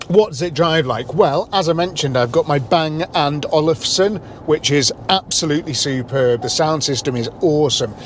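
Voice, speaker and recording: A man's voice: medium pitch, big-room sound, a little hiss or hum. A man with a British accent talking candidly and chattily in a casual car review vlog, often restarting sentences mid-thought. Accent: British English. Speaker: car vlogger.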